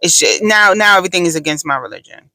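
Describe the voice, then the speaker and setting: A woman's voice: on the low side, expressive, quick pace, vocal fry, pushed and bright, no room sound, poor audio. Blunt, profane woman ranting on a podcast. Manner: blunt, profane, emphatic storytelling. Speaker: podcast host. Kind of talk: casual podcast rant.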